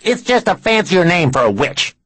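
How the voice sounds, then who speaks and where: A man voicing a sarcastic, hot-tempered small councilman who mocks in a shrill, raised voice. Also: big pitch swings, moderate pace, fairly bright tone, no room sound, exaggerated voice. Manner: shrill, mocking.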